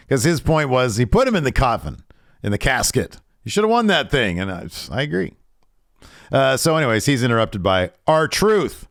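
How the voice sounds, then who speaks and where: A man co-hosting a casual wrestling podcast, recapping a show in an animated way and putting on voices for quotes. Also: medium pitch, normal speed, no echo, clean studio sound. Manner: animated, does voices when quoting. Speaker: podcast co-host.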